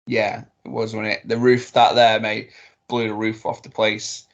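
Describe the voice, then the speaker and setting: A man co-hosting a casual podcast, telling a rambling, excitable story with some swearing. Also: lowish voice, measured pace, gravelly, dull audio. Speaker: podcast co-host. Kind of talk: casual chat.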